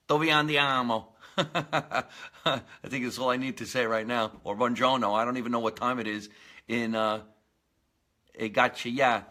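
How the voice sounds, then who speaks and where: A comedian in his forties hosts his own live show, rambling and joking through a casual monologue with lots of fillers and restarts. His voice is medium-pitched with a sharp tone.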